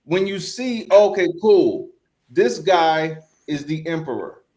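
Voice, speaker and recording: A man's voice: fairly high pitch, slow pace, a little mellow. A man with a Texan accent, co-hosting a comedy podcast, telling stories with lots of profanity and stammered restarts. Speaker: podcast co-host. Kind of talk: casual comedic political chat.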